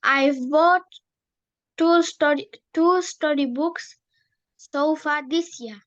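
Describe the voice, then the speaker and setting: A woman student in an English lesson, carefully and haltingly repeating practice sentences. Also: sits high, dull audio. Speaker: language student.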